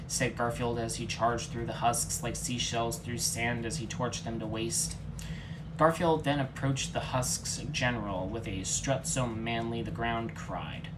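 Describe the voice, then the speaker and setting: A man reading a comic fanfiction aloud in a deadpan, mock-serious voice. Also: lowish voice, moderate pace, noisy background. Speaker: fanfiction reader. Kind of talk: comedic deadpan story reading.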